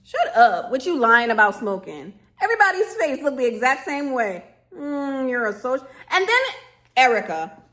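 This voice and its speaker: Woman vlogger on a camera mic, sassy casual rant, fairly high voice, quick laughs. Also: sing-song, a bit bright. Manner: sassy, emphatic, often laughing. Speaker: vlogger reviewing a reality show.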